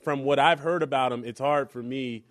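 A man's voice: mid-range voice, normal speed. A man co-hosting sports talk radio, speaking casually and thinking aloud.

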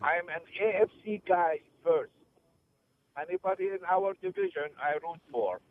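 A man's voice: high voice, normal speed. A man with a New York accent calling in to a sports radio show and talking in a rambling, chatty way. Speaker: caller. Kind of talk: call-in radio chat. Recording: tinny phone line with faint noise.

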